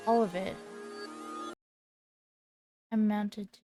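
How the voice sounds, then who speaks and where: A woman in her twenties reading a text game aloud while she plays, with small slips and quick self-corrections. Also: mid-range voice, fairly even intonation, music in the background. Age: 20s. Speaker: gaming video creator.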